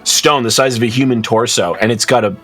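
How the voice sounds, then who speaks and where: A man running a tabletop game as game master, narrating with frequent laughs and quick slips into character voices. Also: medium pitch, a bit bright, soft background music.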